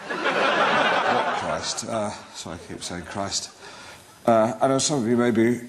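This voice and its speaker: Alan Partridge, pompous awkward host. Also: male voice, mid-range voice, wildly swooping pitch, slow. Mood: awkward bravado. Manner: pompous, flustered, self-deprecating. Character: pompous, awkward middle-aged male presenter. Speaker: awards night host. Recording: loud crowd and noise at live event. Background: crowd laughter and noise.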